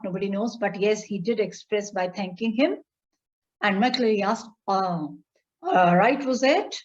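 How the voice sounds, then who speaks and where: A woman's voice: mid-range voice, darkish tone. A woman teacher with an Indian English accent, reading a story aloud in an online class, then explaining it line by line and asking students questions. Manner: reads a passage, then paraphrases it slowly and quizzes students. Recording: dull, lo-fi audio.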